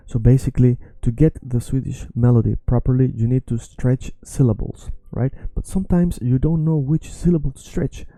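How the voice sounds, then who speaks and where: A man teaching a language lesson, emphatic and repeating words slowly. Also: medium pitch, fairly even intonation, mellow, no echo.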